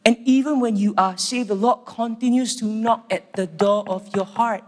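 A man's voice: sits high, steady tone, moderate pace. A man preaching a sermon in an earnest, conversational way. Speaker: pastor. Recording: echoey hall.

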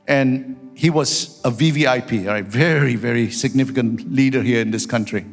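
A man's voice: medium pitch, moderate pace, vocal fry, in a large hall, soft background music. A man preaching a sermon as a pastor, telling stories and building into fervent prayer. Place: church sanctuary.

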